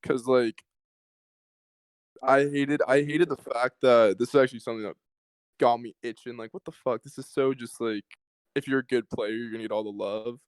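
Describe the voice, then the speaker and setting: Rambling young man, smooth clear voice. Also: mid-range voice, fairly even intonation, moderate pace, no echo, rough recording. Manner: rambling, swears, mimics others. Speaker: podcast co-host. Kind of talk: casual chat.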